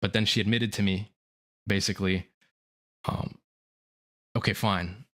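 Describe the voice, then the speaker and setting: A young man streaming a remorseful confession, halting and profane, full of "like" fillers. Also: on the low side, level tone, a bit bright. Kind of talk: confessional livestream monologue.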